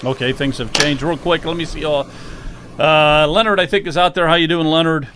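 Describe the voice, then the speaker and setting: A man's voice: fairly high pitch, fairly even intonation, a little fast, noisy background. A man hosting a casual political talk show, emphatic and repeating his exclamations. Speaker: host.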